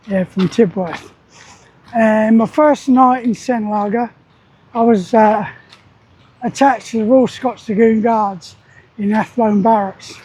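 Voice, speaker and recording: A man in his 60s, an army veteran vlogger, speaks in a high, warm voice while vlogging outdoors beside a weir. The low-quality recording carries a little hiss or hum. His casual spoken vlog is full of rambling, plain-spoken stories.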